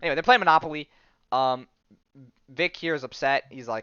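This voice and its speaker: Rambling young man with a smooth voice. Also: medium pitch, brisk, pauses often, bright, forceful tone, no room sound. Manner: rambling and enthusiastic, frequent ums and restarts, slangy. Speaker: podcast host. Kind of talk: casual comic book recap. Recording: dull lo-fi sound, dry.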